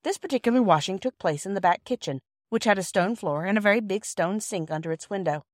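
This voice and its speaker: A woman narrating a classic children's story as an audiobook reader, reading in a clear, measured way. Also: mid-range voice, animated, no echo, clean studio sound.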